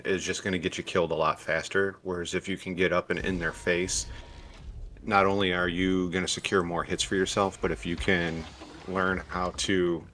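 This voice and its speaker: Man, very low voice, relaxed gameplay chat, faint hiss behind. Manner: relaxed, explains tactics with many fillers and restarts. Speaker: gaming streamer. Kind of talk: casual gameplay commentary.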